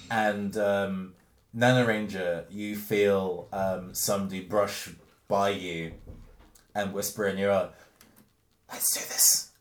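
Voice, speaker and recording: A man narrating as game master of a tabletop role-playing game, rambling and relaxed with many fillers. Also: lowish voice, roomy sound.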